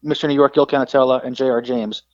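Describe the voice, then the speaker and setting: A man's voice: mid-range voice, fast. A man in his forties, a podcast guest, telling stories casually and with energy, slipping into other people's voices as he retells them. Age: 40s. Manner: animated, acts out quoted people in a raised voice. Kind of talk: casual storytelling. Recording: dull lo-fi podcast audio.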